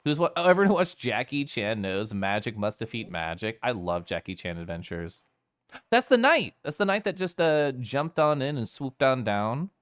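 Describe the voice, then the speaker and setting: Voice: medium pitch, big pitch swings, moderate pace, dry recording, studio quality. A streamer casually chatting with viewers while playing a game, giggly and playful. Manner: giggly, playful, talking to chat. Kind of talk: casual live-stream gameplay chat. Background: faint game music.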